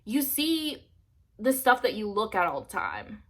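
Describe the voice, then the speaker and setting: A woman's voice: medium pitch, huge pitch swings, unhurried, a bit bright. A young woman vlogging from her bedroom, rambling candidly to the camera with lots of "like" and casual swearing. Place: bedroom at home.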